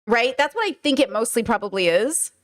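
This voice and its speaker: A woman hosting her own podcast, talking through clips in a loose, frank way. Her pitch moves around a great deal and sits slightly high. She swears now and then and says "like" constantly. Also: animated, a little fast, soft background music. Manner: chatty, frank, swears, frequent "like" and "okay". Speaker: podcast host reacting to clips. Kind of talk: casual commentary.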